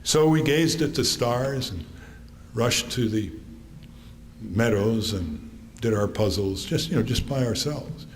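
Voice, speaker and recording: Older man telling wry stories in a theater. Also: medium pitch. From Connecticut, USA. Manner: anecdotal, wry, pauses often. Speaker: author giving a public talk. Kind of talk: storytelling speech to an audience. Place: theater stage. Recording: long theater reverb, faint noise.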